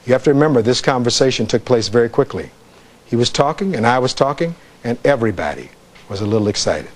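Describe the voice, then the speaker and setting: A man's voice: mid-range voice, animated, fast talker. A man, a defense attorney, giving a closing argument in a courtroom, reading testimony aloud and putting rhetorical questions to the jury.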